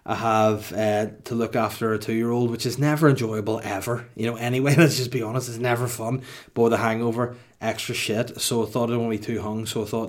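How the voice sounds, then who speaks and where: A man's voice: mid-range voice, steady tone, fairly quick. A man hosting a comedy podcast alone, rambling and self-mocking as he jokes. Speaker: podcast host. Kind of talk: comic solo podcast monologue.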